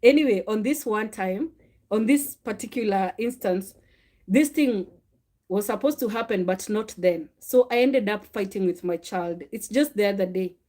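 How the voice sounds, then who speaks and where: Brief: middle-aged woman, mother sharing faith testimony, animated and confessional. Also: medium pitch, normal speed. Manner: animated, confessional, acts out quoted dialogue. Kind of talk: personal faith talk, storytelling.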